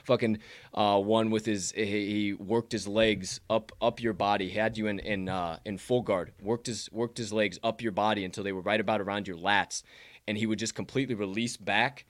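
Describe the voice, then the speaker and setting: A man's voice: on the low side, steady tone, normal speed, no room sound. A man hosting a sports betting podcast, telling rambling stories in casual, profanity-laced chat. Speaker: podcast host.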